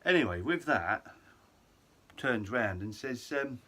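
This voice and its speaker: A young vlogger with a mid-range, bright, forceful voice and a breathy edge speaks slowly but animatedly to the camera. He tells a self-mocking story casually, full of ums, asides, and et ceteras.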